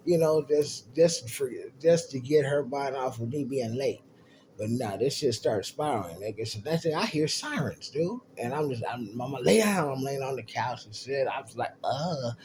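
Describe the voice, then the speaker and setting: A man tells a long story in a loose, profane way and jumps into the voices of the people in it as he goes. His voice sits at a middle pitch for a man. There is a faint hiss of noise under the recording. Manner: profane, animated storyteller acting out others' lines. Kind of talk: casual storytelling.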